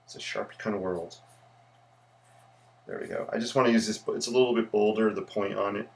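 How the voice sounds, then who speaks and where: A man's voice: on the low side, a little fast, gravelly. A man, an architect who teaches, chatting casually with viewers on a livestream while he sketches. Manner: chatty, greets viewers, rambling asides.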